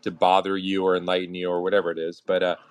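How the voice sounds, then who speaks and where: A man's voice: low voice, quick pace, smooth, no echo. A man hosting his own livestream, telling stories in casual, profane chat and acting out the people he quotes. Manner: profane, animated storytelling with acted-out quotes.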